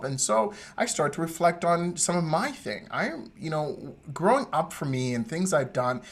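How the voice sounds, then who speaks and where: Man, lively podcast storyteller. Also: on the high side, moderate pace, few pauses. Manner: animated storyteller, acts out quoted voices. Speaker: podcast co-host. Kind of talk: casual storytelling chat.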